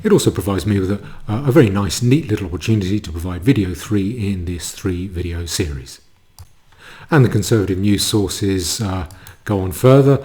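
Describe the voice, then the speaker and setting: Man, commentator, dark mellow low voice, sardonic asides, halting restarts. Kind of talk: monologue commentary.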